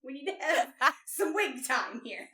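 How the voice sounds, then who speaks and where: A woman with a high, bright voice tells a story with lively swings in pitch. She swears freely and laughs between lines. The sound is roomy and echoey, picked up from a distance. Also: unhurried. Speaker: guest recapping a novel. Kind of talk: casual podcast chat. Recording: roomy echo, distant mic.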